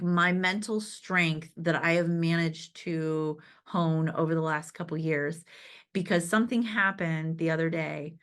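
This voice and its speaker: Her voice sits lowish and sounds a bit bright as she motivates a sales team in a chatty, upbeat way, regularly checking in with "right?", laughing, and acting out conversations from memory.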